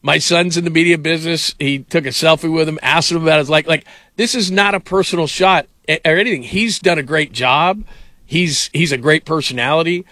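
A man's voice: fairly high pitch, brisk, pushed and bright, no room sound. A middle-aged man hosting sports radio, telling rambling stories full of fillers in a casual way. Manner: rambling storyteller, many fillers.

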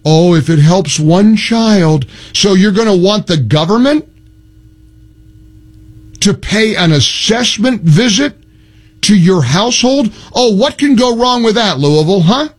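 A man hosting a call-in radio talk show, sarcastic and argumentative, talking over his callers from the studio. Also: sits high.

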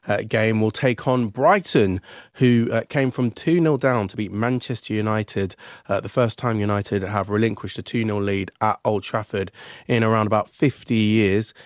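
A man presenting a radio sports bulletin briskly, with frequent "uh" fillers. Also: lowish voice, steady tone, no echo, clean studio sound.

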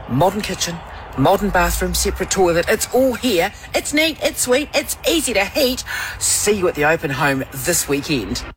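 A New woman speaking as a real estate agent in a perky, sing-song sales pitch, recorded outdoors. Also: a bit bright, a little hiss or hum, rough recording.

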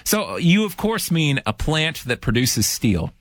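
A man's voice: on the high side, very animated, measured pace, no echo. A man hosting a radio call-in show, bantering with callers in a dry, jokey way. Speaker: radio host taking calls. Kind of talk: joking call-in chat.

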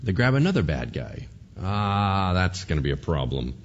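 Male pastor, husky, lively delivery, full of rhetorical questions; dull lo-fi recording. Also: deep voice, normal speed. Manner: animated, conversational, fires rhetorical questions. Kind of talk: sermon.

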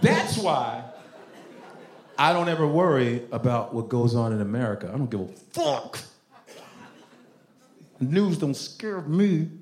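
A man from Nigeria doing a loud, punchy, profane stand-up comedy set on a club stage. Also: mid-range voice, sing-song, measured pace, pauses often. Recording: echoey club with crowd noise. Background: audience laughter.

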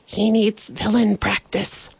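A woman's voice: mid-range voice, level tone, slow, gravelly, darkish tone, slightly rough, no echo, pitched above the performer's own voice, exaggerated voice. A woman doing a pompous little cheese-stick knight. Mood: whispering aside. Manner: grandly heroic, self-important.

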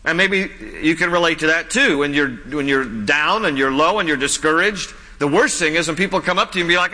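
A man's voice: on the high side, animated, a little fast, pushed and bright, in a large hall. A man preaching a sermon as a pastor, earnest and conversational, often repeating his points. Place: church sanctuary.

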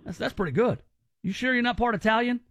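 A man's voice: extremely high pitch, quick pace, a bit bright, no room sound. A man hosting a call-in radio show, rambling and teasing with lots of restarts. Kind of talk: joking call-in radio banter.

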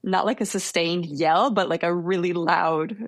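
A woman's voice: on the low side, steady tone, measured pace, dry recording. A young woman telling a personal story in a casual interview, hesitant and self-deprecating.

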